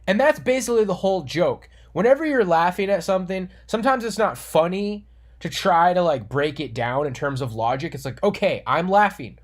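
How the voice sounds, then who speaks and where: A man's voice: high-pitched, expressive, brisk. A man delivering an earnest, moralizing monologue as an online commentator. He repeats himself and restarts words as he talks. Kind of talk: monologue rant.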